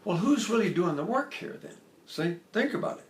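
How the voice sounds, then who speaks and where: A man's voice: high-pitched, very animated, normal speed, roomy sound. An older man teaching a singing lesson, explaining technique and breaking into short sung exercises. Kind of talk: singing lesson with vocal demonstrations.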